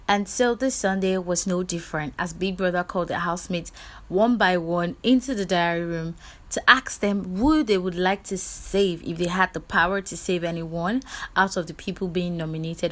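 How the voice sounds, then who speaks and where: Woman vlogging a show recap, lowish voice, rambly and chatty, lots of likes and ums. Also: a bit bright.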